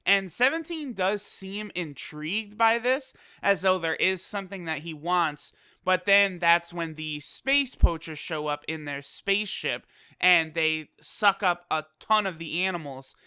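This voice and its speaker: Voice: mid-range voice, a little slow, sharp tone, clean tone, no echo, clean studio sound. A casual anime episode reviewer recapping the plot, chatty and loose, swearing and laughing easily. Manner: loose, full of fillers like "you know".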